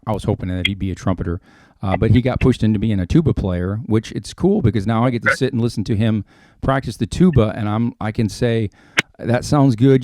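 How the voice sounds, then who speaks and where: A man's voice: lowish voice, darkish tone. A man hosting a podcast, chatting casually and rambling a bit. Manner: rambling, restarts often. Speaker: podcast host. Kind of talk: casual chat.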